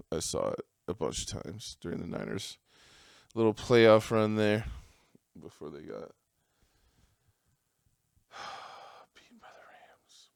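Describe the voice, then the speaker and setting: A man's voice: on the low side, gravelly, no room sound, clean studio sound. A man hosting a podcast, telling a rambling, profane story in a casual monologue and laughing at his own jokes. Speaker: podcast host.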